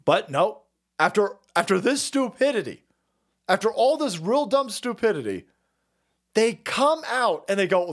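A man's voice: very animated, a little slow. Mocking, profane man ranting. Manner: mocking, swearing, laughing, swings loud and low. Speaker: political commentary streamer.

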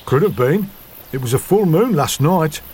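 A high, swooping Newcastle accent for a fussy farm wife who wrings every line for drama. The radio soap parody is theatrical and overdone, and the voice leaps up and down through each sentence. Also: male voice, lively intonation, normal speed, a little mellow, breathy edge. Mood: dramatic. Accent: Newcastle, put on. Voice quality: exaggerated, theatrical.

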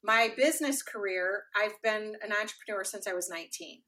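A middle-aged woman tells her story in a casual interview, with a bright voice. She talks in an animated way, slips into the voices of the people she quotes, and keeps dropping in fillers. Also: medium pitch, brisk. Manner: animated, acts out quoted dialogue, frequent fillers. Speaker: podcast guest.

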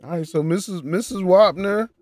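A man's voice: sits high, moderate pace, darkish tone, dry recording, studio quality. A man hosting a casual podcast, talking sports in a loose, profane, joking way. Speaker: podcast host. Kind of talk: casual chat.

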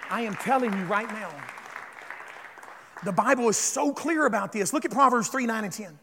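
A man preaching a sermon as pastor, calling on the congregation to respond and building up to shouts. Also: high-pitched, moderate pace, breathy edge, long reverb tail, a faint crowd.

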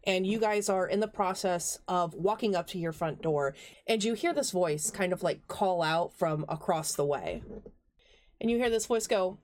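A woman's voice: lowish voice, normal speed, darkish tone. Chatty woman running a tabletop game. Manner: chatty, meandering narration with fillers. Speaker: game master.

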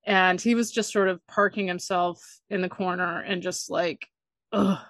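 A woman guest telling family stories in a casual chat, self-deprecating and quick to laugh. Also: fairly low pitch, fairly even intonation, fairly bright tone, dry recording. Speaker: guest, author and comedian.

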